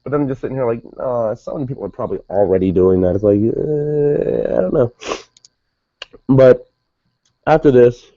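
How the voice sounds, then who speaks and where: A man talks through his review in a loose, rambling way, catching and correcting himself as he goes. His voice is mellow and soft-edged. The recording is dull and lo-fi, with a dry, close sound. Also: mid-range voice, no room sound. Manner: rambling, digressive, self-correcting. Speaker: wrestling show reviewer. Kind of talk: casual spoken review.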